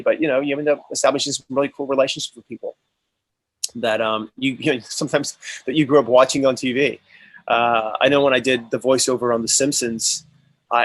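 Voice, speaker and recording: A man of middle pitch, telling stories as an interview guest. He talks with eager energy and often restarts his sentences. The room is dry, with no echo at all. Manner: enthusiastic storytelling, many restarts. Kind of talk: casual interview chat.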